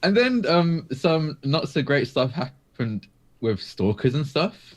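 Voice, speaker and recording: A man's voice: fairly high pitch, very animated, takes it slowly. A man guesting on a live stream in casual chat, hesitant, with many fillers and small laughs. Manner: hesitant, many ums and likes, chuckles.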